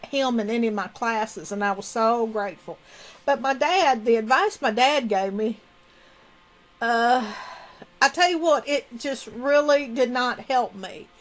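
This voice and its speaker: A middle-aged woman, chatting to her stream as a folksy storyteller. Her voice sits a little high and climbs higher still when she coaxes someone nearby. She talks casually and freely, with many restarts. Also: rough recording. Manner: folksy, animated storyteller with sudden high coaxing asides. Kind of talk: casual storytelling to a live chat.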